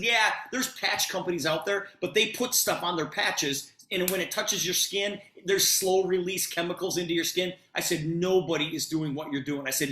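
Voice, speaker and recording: A middle-aged man retelling a conversation to an audience with lots of expressive emphasis. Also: fairly high pitch, reverberant. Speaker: presenter telling a personal story. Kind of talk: animated storytelling to an audience.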